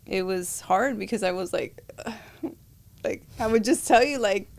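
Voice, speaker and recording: A woman's voice: medium pitch, measured pace, gravelly, darkish tone. A woman who is a podcast guest in casual chat, telling stories and acting out quoted dialogue.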